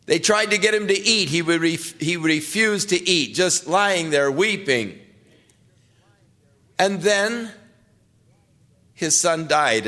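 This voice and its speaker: A man's voice: fairly high pitch, expressive, slow pace, long pauses, sharp tone. An older man, a pastor, teaching through the Bible verse by verse and retelling scripture in casual everyday words. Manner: conversational, paraphrasing scripture in casual everyday speech.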